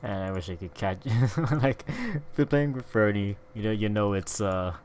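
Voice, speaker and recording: A man's voice: lowish voice, expressive, moderate pace, darkish tone, a little hiss or hum. A man streaming and drawing, chatting in a laid-back way and laughing often. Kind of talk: casual stream chat.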